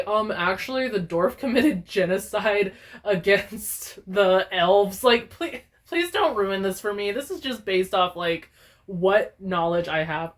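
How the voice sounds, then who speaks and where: A young woman talks straight to her viewers in a casual gaming vlog. Her voice sits at an ordinary middle pitch. She rants with big exaggeration and curses freely. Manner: profane, animated, exaggerated ranting. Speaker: gaming YouTuber.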